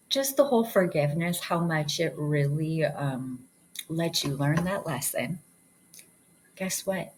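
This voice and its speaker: Woman, low-ish voice, earnest spiritual coach, faint hiss behind. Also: poor audio. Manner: earnest, encouraging, repeats words. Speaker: hypnosis practitioner. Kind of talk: casual spiritual talk.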